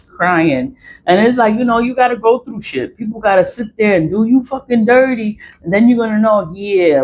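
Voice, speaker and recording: A woman's voice: on the low side, a little mellow, a little hiss or hum. A woman telling a personal story in a casual vlog, blunt and profane, repeating herself for emphasis. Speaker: vlogger.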